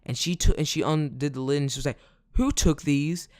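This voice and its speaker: A man's voice: mid-range voice, steady tone, fast talker, no room sound, studio quality. A man telling a casual storytime in a rambling way, full of fillers. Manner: rambling, filler-heavy, "like" every few words. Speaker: vlogger.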